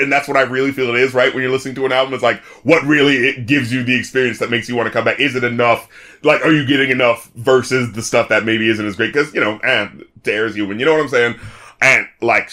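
A man's voice: mid-range voice, bright, forceful tone. A man co-hosting an album review podcast, talking casually and animatedly, cursing freely and laughing often. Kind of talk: casual chat.

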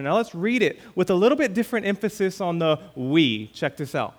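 A man preaching a sermon as pastor, reading scripture aloud and repeating key words with emphatic swings between loud and quiet. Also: high-pitched, very animated. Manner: slow, emphatic preaching with dramatic swings in loudness.

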